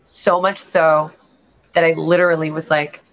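Woman, lower voice, earnest and rambling, personal story, dull lo-fi recording. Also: little pitch movement, a little slow. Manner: earnest, rambling, restarts mid-thought. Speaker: realtor and show guest. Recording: lo-fi dull sound.

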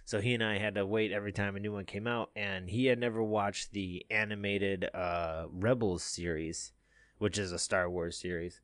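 A man's voice: lowish voice, steady tone, moderate pace, a bit bright, no echo, clean studio sound. A man chatting casually as a podcast co-host, telling a long story full of fillers, restarts and easy laughs. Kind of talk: casual chat.

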